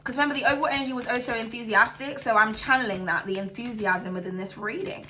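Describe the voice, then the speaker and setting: A tarot reader gives a casual reading to camera, talking fast, sassy and chatty, swearing freely and calling her viewers darling. She swings between excited outbursts and low, soothing asides, with slight background noise behind her.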